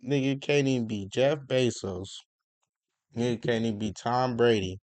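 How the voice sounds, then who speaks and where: A man's voice: mid-range voice, moderate pace, darkish tone, no room sound. A man ranting casually in an incredulous, profane way. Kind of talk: casual rant.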